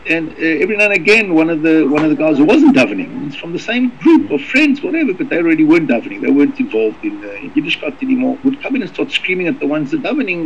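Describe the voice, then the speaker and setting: A man gives a Torah lesson at a brisk clip, his voice rough with gravel. He stumbles and circles back over words, then races through Hebrew readings. The recording is dull and muffled, with a faint hiss underneath. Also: on the high side, expressive. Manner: rapid, halting, repeats words, reads Hebrew fast. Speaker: rabbi teaching a Torah class.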